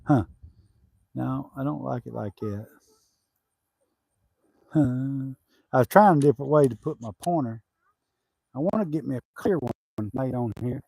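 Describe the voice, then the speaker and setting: Homesteader guy, playful teasing, talks to viewers, mid-pitched, dry close recording. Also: unhurried, gravelly, long pauses, mellow, breathy edge, no echo. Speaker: homesteading vlogger. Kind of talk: casual live chat.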